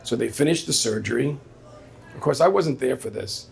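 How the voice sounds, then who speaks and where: A man's voice: mid-range voice, normal speed, gravelly, a little mellow. A man telling a personal story on stage at a live story slam, in a conversational way, quoting the people in it. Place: small venue with a live audience.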